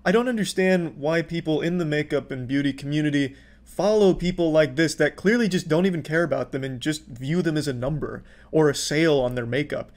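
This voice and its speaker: A man's voice: fairly high pitch, fairly quick, a little mellow. A man giving profane, sarcastic commentary, exasperated as he mocks what he has watched. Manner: sarcastic, exasperated, swears freely. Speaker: commentary youtuber.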